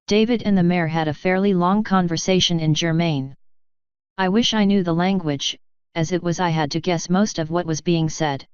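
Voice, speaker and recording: Smooth-voiced woman narrating a fanfic. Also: fairly low pitch, moderate pace, dry recording, dull audio. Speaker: fanfiction reader. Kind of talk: storybook narration.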